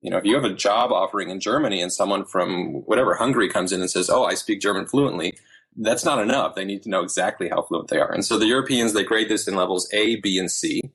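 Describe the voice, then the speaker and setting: Husky-voiced man telling a story. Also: on the low side, quick pace, few pauses. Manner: animated storytelling with many fillers and restarts. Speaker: podcast guest. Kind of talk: casual interview chat.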